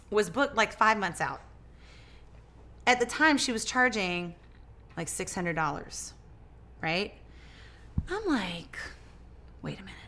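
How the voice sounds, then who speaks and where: A woman guest in a casual interview, telling her story in a lively way, acting out quoted dialogue and often restarting her words. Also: mid-range voice. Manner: animated, acts out quoted dialogue. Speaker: interview guest, business owner.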